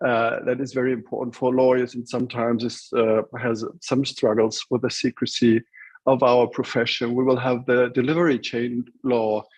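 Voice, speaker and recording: Flat-voiced husky man, dry sound. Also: medium pitch, normal speed, no room sound, low-quality recording. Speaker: lawyer speaker. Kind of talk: panel remarks.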